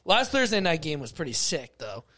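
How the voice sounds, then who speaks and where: Slightly high-voiced man, blunt casual chat. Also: big pitch swings, moderate pace, pushed and bright. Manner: blunt, swears often. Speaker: podcast co-host.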